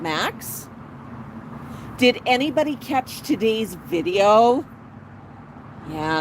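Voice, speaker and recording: A woman with a slightly high voice hosts a casual outdoor livestream, sliding between soft baby talk for her bird and friendly chatter with viewers. She sits on a patio, with steady traffic noise clearly audible behind her. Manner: coos baby talk to the bird and reads out chat comments. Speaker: livestream host with her pet cockatoo. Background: passing cars.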